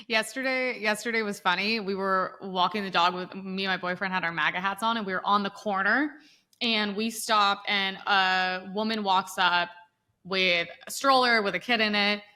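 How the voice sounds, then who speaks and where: A young adult woman co-hosting a podcast, telling a story in an animated way and acting out the people she quotes. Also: medium pitch, moderate pace. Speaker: podcast co-host. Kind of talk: casual storytelling chat.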